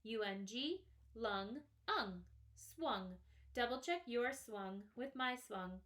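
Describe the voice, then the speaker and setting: A woman's voice: fairly high pitch, a bit bright. A woman teaching first graders phonics, patiently sounding out and stretching each word part. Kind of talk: slow, clearly sounded-out phonics lesson. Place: classroom or home, writing on a small board.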